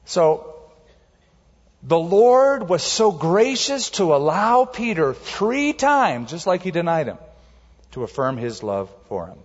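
A man delivers a sermon in a large, echoing sanctuary, and his slightly husky voice sits a little high. He tells stories with lively, swooping pitch and acts out quotes in a raised voice. The sound is a bit muffled. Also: slow. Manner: animated storytelling, acting out quotes in a raised voice. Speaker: pastor.

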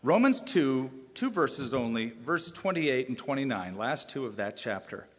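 A man preaching a sermon as pastor, animated, with rising emphasis and sudden drops to a quiet voice. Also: medium pitch, measured pace, husky, in a large hall.

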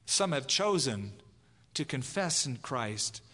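A man preaching an evangelistic sermon, lively and dramatic, acting out quoted voices. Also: mid-range voice, slow pace. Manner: animated, acts out voices in quotes. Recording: long hall reverb.

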